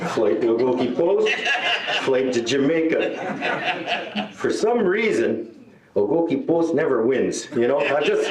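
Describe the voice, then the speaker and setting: A man doing a live stand-up set, telling rambling deadpan stories and chuckling at his own jokes. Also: medium pitch. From Northern Ontario. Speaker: stand-up comedian. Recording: roomy hall, mic at a distance.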